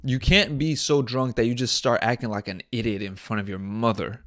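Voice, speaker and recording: Crude, rambling young podcast host. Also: male voice, medium pitch, steady tone, moderate pace, a bit bright, dry recording, studio quality. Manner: crude, joking, rambling with mock outrage. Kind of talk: casual solo podcast monologue. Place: small indoor set.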